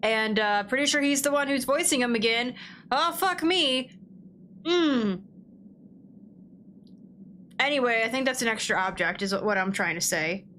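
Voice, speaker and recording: Woman streamer, slightly high voice, chatty and blunt with plenty of swearing; casual livestream talk from her desk. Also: a little slow, long pauses, fairly bright tone, slight background noise. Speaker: gaming livestreamer. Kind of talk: casual livestream chat while playing.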